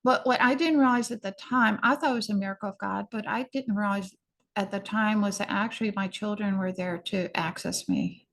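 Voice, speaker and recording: A middle-aged woman, a podcast guest, telling her personal story in an earnest, hurried way and often restarting sentences. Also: mid-range voice, a bit bright.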